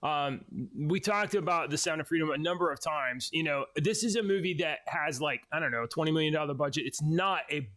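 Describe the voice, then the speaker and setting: A man's voice: on the high side, fairly quick, few pauses, fairly bright tone. A man co-hosting a casual podcast chat, hedging and arguing his points with many restarts. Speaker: podcast co-host.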